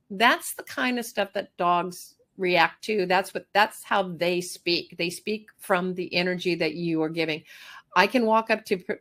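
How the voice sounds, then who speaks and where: Speaking in a mid-range voice, a middle-aged master groomer leads a workshop talk with plenty of energy. She acts out small dialogues and keeps repeating phrases.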